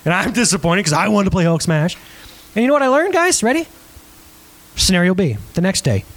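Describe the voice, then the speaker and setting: High, lively preacher man acting out scenes. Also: a little fast, pauses often. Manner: animated, acts out scenes in different voices; chatty, asks the crowd questions. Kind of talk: lively sermon to a live audience.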